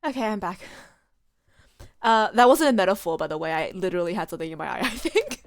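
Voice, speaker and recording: A young woman streaming a game playthrough, talking excitedly and emotionally, swearing often. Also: mid-range voice, fast, dry recording. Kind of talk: live game playthrough commentary. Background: faint game music.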